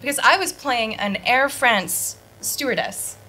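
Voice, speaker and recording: Audience laughter and live club noise fill a bar as a stand-up comedian from Detroit, USA, delivers a casual, rambling set on a handheld mic. She talks at a measured pace, her voice on the high side with a bright, forceful tone, and laughs at her own jokes.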